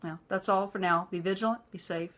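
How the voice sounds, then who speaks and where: A woman's voice: mid-range voice, fairly even intonation, brisk, fairly bright tone. A woman vlogger telling a personal story to the camera in a chatty way, full of "you know" fillers.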